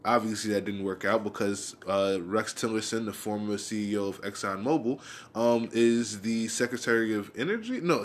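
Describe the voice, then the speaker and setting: Swearing, heated man ranting. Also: lowish voice. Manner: profane, heated, rambling with restarts. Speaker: vlogger. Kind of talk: casual monologue rant.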